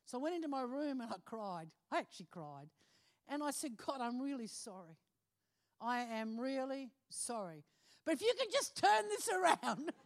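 A middle-aged woman speaks from the pulpit with a notably high voice, sharing a personal testimony. She tells the story with animation, slipping into the voices of the people she quotes. Laughter keeps breaking through her words. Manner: animated storytelling, acting out phone calls, laughing often. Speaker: preacher.

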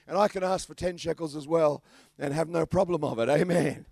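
An Australian man preaching a sermon as pastor, telling stories in an animated, bantering way. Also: fairly high pitch, brisk, gravelly, no echo.

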